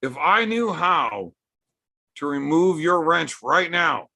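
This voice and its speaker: Gravelly, bright-voiced man streaming. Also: fairly high pitch, big pitch swings, slow. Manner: profane, joking banter reading chat. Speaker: livestream host. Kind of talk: casual livestream chat with viewers. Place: home during a livestream.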